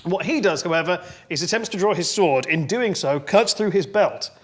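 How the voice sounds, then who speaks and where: English guy running a d&d game, keeps cracking up, voice sits a bit high. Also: normal speed. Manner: laughs often, rambling comic narration. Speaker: dungeon master. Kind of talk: narrating a tabletop game. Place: indoor room.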